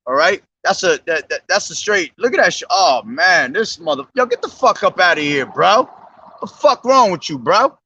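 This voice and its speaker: A young man preaching outdoors at a bus station, slowly declaiming scripture, then talking in slangy, profane street speech into a camera he holds himself. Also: high-pitched, pushed and bright, slightly rough, dry recording, muffled recording. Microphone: self-held camera.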